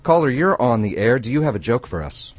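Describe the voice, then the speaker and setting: A man hosting a call-in radio show who tells jokes in a playful, animated way. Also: mid-range voice, fairly quick, dry recording, faint music behind. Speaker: radio host.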